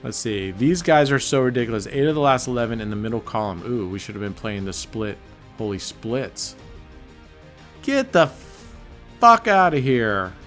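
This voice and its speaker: Swearing, excitable man at roulette. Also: fairly low pitch, a little fast, faint music behind. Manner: excitable, swears, grumbles at the dealer. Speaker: channel host. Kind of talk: live casino gameplay commentary.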